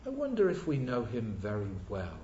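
A man's voice: medium pitch, huge pitch swings, moderate pace, dark tone, a little hiss or hum. A man preaching a sermon earnestly, asking rhetorical questions and repeating key words for emphasis. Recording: echoey, dull lo-fi church recording.

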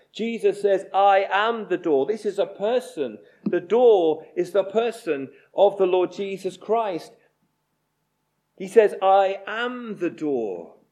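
A male preacher delivers a sermon in a fairly high voice. He speaks slowly and deliberately and presses hard on repeated phrases. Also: warm tone.

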